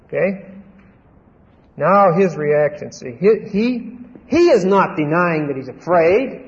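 A man's voice: sits high, lively intonation, slow pace. A man preaching a Bible teaching sermon, speaking conversationally and with emphasis, often checking in with his listeners. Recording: dull lo-fi recording with long hall reverb.

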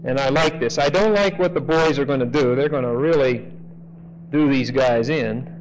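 A man teaching a sermon through a scripture passage in a conversational way. He often checks in with the audience and slows down to stress key phrases. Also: medium pitch, a little hiss or hum, poor audio. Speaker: Bible teacher. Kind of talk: expository sermon.

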